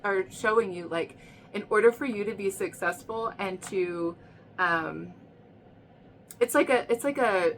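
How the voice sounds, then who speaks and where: A woman's voice: mid-range voice, fairly bright tone, slight background noise. A woman giving a casual tarot reading in a chatty, rambling way, often checking in with "okay?" and "right?". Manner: chatty, repeats herself, frequent "okay?" and "right?". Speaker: tarot reader.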